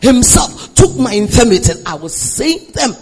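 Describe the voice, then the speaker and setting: A Nigerian woman preacher delivers her sermon with a very animated, wide-ranging voice. She sinks into quiet storytelling and then surges into shouted declarations. She urges the congregation to answer back. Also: a little high, normal speed, faint music behind, poor audio. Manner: calls the congregation to respond. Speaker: preacher giving a testimony.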